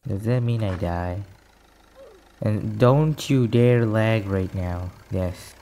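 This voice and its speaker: A man giving live gameplay commentary, excitable and easily frustrated, often saying "literally". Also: lowish voice, slow pace, a little hiss or hum. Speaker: gaming video creator.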